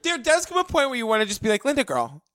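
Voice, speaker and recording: A podcast co-host retelling a documentary in casual chat, expressive and laughing along. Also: high-pitched, a little hiss or hum. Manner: expressive storyteller, laughs along, quick affirmations.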